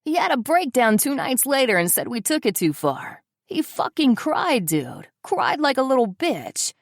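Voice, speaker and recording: A woman's voice: high-pitched, big pitch swings, moderate pace, dry recording, studio quality, voice pushed up, full character voice. A woman reading the part of a crude, angry young man who scoffs and swears, in an audiobook. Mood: scoffing, angry. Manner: scoffing, profane.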